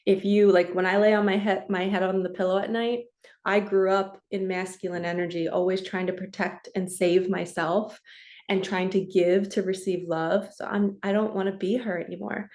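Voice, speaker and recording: A woman's voice: medium pitch, little pitch movement, moderate pace, a little mellow. A woman in her forties, a spiritual coach and reader, talking casually to camera in an earnest, chatty way that is broken up by frequent laughs. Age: 40s. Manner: chatty and earnest, laughs often, slips into quoted voices.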